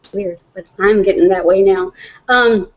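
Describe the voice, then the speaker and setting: A middle-aged woman with a medium-pitched voice hosts a casual livestream at normal speed, the sound lo-fi. She reads viewer comments aloud and chats in a rambling way, laughing often.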